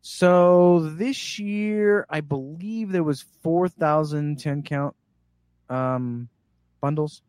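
A man telling a story in casual chat as a guest, animated and acting out the voices of the people in it. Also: on the high side, drawn-out words, clean tone, dry recording. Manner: animated, acts out quoted voices.

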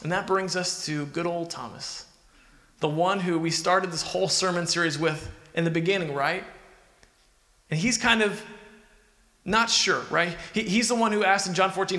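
A man's voice: high voice, normal speed, sharp tone. A man preaching a sermon in an earnest, conversational way, asking the listeners questions. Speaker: pastor. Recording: echoey hall with long reverb.

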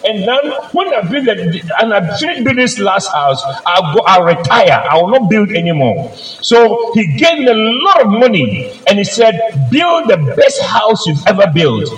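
Male preacher, lively storyteller voice with wide swings in pitch, recorded in an echoey church. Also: normal speed. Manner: personal storytelling, calls for amens. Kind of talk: sermon. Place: church service.

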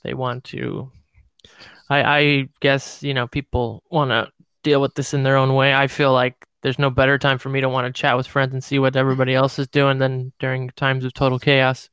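Smooth-voiced wry radio show host. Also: medium pitch, little pitch movement, moderate pace, fairly bright tone, no room sound. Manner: loose, wry, playful. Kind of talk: casual chat.

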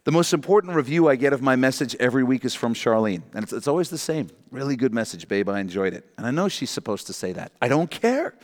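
A middle-aged man preaching a sermon on marriage, animated and joking, repeating short refrains for emphasis. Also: mid-range voice, quick pace, hardly any pauses, big-room sound. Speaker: pastor.

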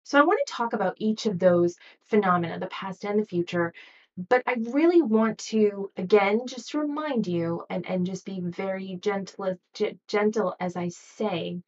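A woman hosts a motivational podcast in a soft, coaching way and now and then acts out an anxious inner voice. Her voice sits at a middle pitch. It is heard from a little way off the mic, and the recording sounds dull and muffled. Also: recorded from a distance. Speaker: podcast host. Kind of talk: motivational solo podcast talk.

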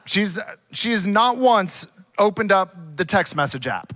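A man's voice: sits high, very animated, measured pace, bright, forceful tone. A man in his forties, a pastor who preaches a conversational, earnest sermon full of stories.

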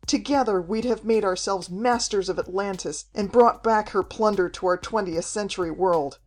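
A woman's voice: medium pitch, lively intonation, moderate pace, lightly acted. A woman reading aloud, voicing a mocking, desperate male villain in an audiobook. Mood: snarling. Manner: snarling, mocking.

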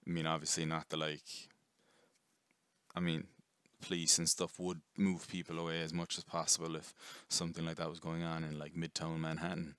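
A man giving a casual, rambling movie review, chatty and quick to swear. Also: rumbling low, monotone, fairly bright tone, clean tone, no echo. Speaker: film reviewer.

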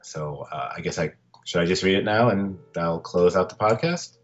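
Podcast host, male, deep and unhurried, loose and rambling, slightly muffled recording. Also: faint music behind. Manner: rambling, laid-back, with restarts. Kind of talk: casual podcast chat.

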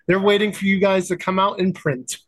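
A man guesting on a chatty beer podcast, his voice sitting notably high as he riffs playfully with the hosts. The mic is close and dry. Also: flat delivery, brisk, dry recording. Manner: playful, riffing jokes. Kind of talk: casual chat over beers.

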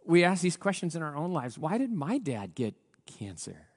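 A male pastor giving a sermon in an earnest, reflective way, his voice a little rough, with pauses and restarts. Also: a little high, big pitch swings, long reverb tail. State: voice a little rough from recent strain.

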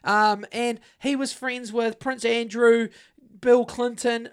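A man's voice: extremely high pitch, fairly even intonation, slow, smooth. A man co-hosting a casual podcast, rambling and swearing through many restarts. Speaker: podcast co-host. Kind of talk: casual conspiracy podcast chat.

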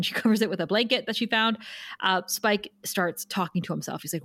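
A woman's voice: mid-range voice, fairly quick, a bit bright, dry recording. A woman co-hosting a podcast, casually recapping an episode and laughing often. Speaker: podcast co-host.

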